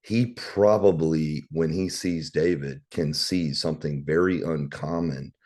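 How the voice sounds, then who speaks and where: A man's voice: rumbling low, steady tone, measured pace, a little mellow. A man, casually teaching a Bible study and telling rambling, candid stories with some swearing. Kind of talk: casual preaching and storytelling.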